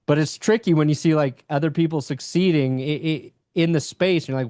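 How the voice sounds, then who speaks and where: A man's voice: fairly high pitch, a little fast, darkish tone, no echo, clean studio sound. A young man chatting casually as a podcast guest, candid and rambling, with casual swearing. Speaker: podcast guest, sports YouTuber.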